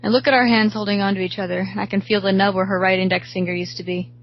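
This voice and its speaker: A woman reading a horror story aloud in a steady, hushed way, recorded slightly dull. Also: mid-range voice, fast talker, slight background noise.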